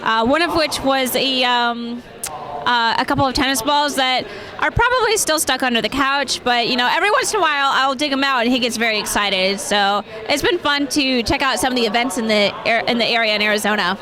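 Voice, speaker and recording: A woman's voice: sits high, a little fast, a crowd in the background. A young woman answering interview questions at a convention in a chatty way, with many fillers and frequent laughs. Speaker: cosplayer guest.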